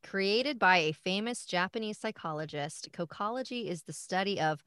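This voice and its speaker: A woman's voice: medium pitch, normal speed, a bit bright, smooth, dry recording, studio quality. A woman co-hosting a casual chat, reading personality quiz questions aloud, giggly and hesitant. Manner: giggly, hesitant, often restarts.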